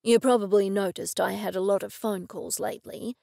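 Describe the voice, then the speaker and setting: In an audiobook, a female narrator voices a steady, protective male detective who talks hesitantly and earnestly with a slightly gravelly texture. The mood is explanatory, the pitch medium and the speed normal. The recording is dry and close, with no echo.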